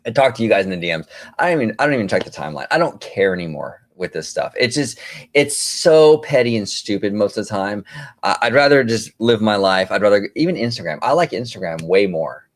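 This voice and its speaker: Male host, casual chat, exasperated and animated, very lively pitch. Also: fairly quick. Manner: animated, exasperated ranting with fillers. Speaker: podcast host.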